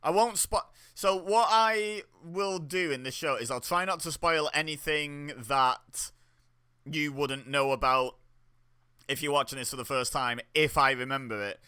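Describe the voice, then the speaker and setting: Bright-voiced man chatting through a watch-along. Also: fairly high pitch, unhurried, smooth. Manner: chatty, reacts aloud with laughs and exclamations. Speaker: wrestling watch-along host. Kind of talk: casual watch-along commentary.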